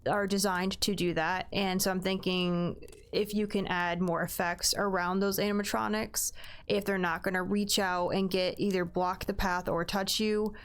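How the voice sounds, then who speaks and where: A woman's voice: medium pitch, little pitch movement, normal speed, smooth. A woman giving a casual spoken review of a haunted attraction, talking in a rambling, hesitant way with frequent restarts.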